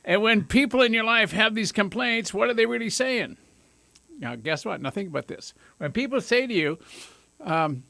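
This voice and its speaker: A man hosting a radio talk show in a studio, talking with high energy and joking at his own expense. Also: animated, moderate pace, gravelly, pushed and bright, no room sound. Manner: high-energy, jokey, self-amused. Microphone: studio microphone.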